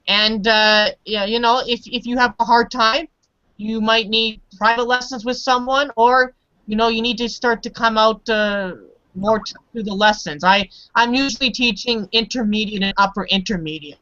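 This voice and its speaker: A woman teaches a live online English class and talks in a relaxed, halting way, often restarting and repeating words. Her voice sits at a middle pitch. The audio is dry and a little dull and muffled. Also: no room sound.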